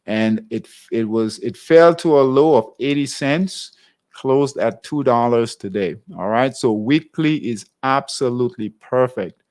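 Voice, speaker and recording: A man's voice: mid-range voice, unhurried, darkish tone. A man hosting a live trading class, walking through charts in a conversational way and often checking in with his viewers. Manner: conversational, keeps checking in with "all right?". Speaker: trading show host.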